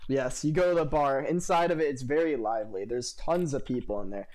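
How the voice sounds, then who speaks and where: A man's voice: mid-range voice, a little fast, darkish tone. A young man acting as game master for a tabletop game, narrating off the cuff and laughing often.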